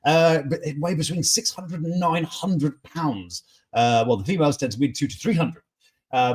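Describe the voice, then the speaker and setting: A man's voice: a little high, slightly rough. A man hosting a casual live news chat, joking and reacting to viewers' comments in a chatty way. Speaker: host of a morning news chat stream.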